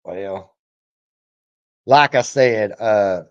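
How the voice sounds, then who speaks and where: A man's voice: fairly low pitch, drawn-out words, lo-fi sound. A man hosting his reaction channel, chatting casually and rambling, now and then acting out little skits. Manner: rambling, drawling, acts out skits with mock shouting.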